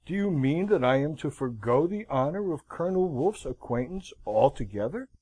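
A man voicing an earnest, hot-tempered young gentleman in an audiobook, protesting indignantly. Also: a little high, lively intonation, normal speed, husky, dry recording, voice pushed up, low-quality recording.

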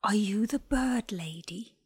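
A woman voicing a sly, hungry male bull snake who asks politely for birds to eat. She speaks softly and draws out her words. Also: mid-range voice, slow pace, breathy edge. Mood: politely eager.

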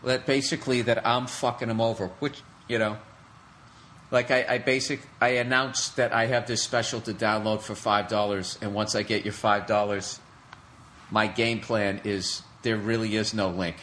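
A man's voice: on the low side, fairly even intonation, normal speed, a bit bright, a little hiss or hum. A man hosting a podcast, ranting alone in a sarcastic, profane comedic way. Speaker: podcast host. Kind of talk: solo comedic rant.

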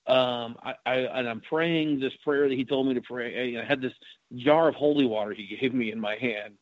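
A man's voice: medium pitch, normal speed, no echo. Man, paranormal investigator, casual storytelling, fillers and restarts, dry muffled recording. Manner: rambling, many fillers and restarts.

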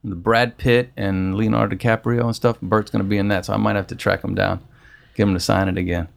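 A man chatting casually, telling an animated story and acting out what people said. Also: lowish voice, fast talker, gravelly. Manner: animated storyteller, acts out others' lines. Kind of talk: casual chat.

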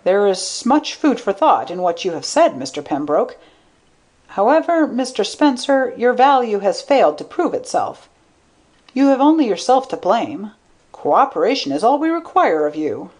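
A woman's voice: mid-range voice, very animated, moderate pace, a little mellow, voice pushed up. A woman voicing a polite male hotel manager who speaks in a formal, courteous way.

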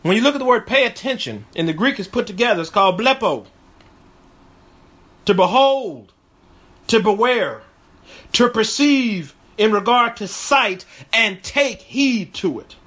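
A male pastor with a notably high voice for a man teaches through scripture in a video sermon. He is earnest and emphatic, and he circles back to repeat his key phrases for weight. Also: lively intonation, unhurried, fairly bright tone.

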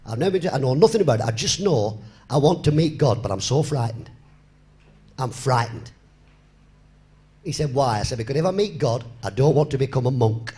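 A man's voice: mid-range voice, lively intonation, fairly quick, pauses often, dark tone. A man in his fifties, a comedian telling his life story to a live audience and acting out both sides of the conversations. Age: 50s. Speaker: comedian giving a testimony on stage. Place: live venue before an audience.

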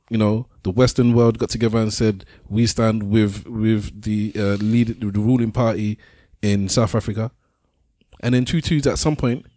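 A middle-aged man co-hosting a casual podcast chat, talking in halting bursts and repeating words as he starts a point. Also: medium pitch, dark tone, no echo, studio quality. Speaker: podcast co-host.

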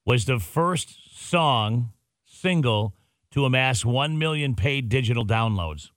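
A man's voice: mid-range voice, animated, takes it slowly, fairly bright tone, no echo. A man hosting a morning radio show, running a quiz and teasing his co-host in studio banter. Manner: joking, teasing.

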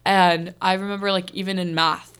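A woman's voice: fairly low pitch, level tone, moderate pace, fairly bright tone, clear, resonant tone. A teenage girl hosting a podcast, earnestly telling a personal story in casual chat and saying "like" often. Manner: earnest, heavy use of "like". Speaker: podcast host.

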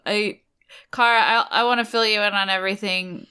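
A woman voicing a sad drunk young mage who mumbles apologies, quieter and lower than her own voice. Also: steady tone, brisk, smooth, close to an everyday voice.

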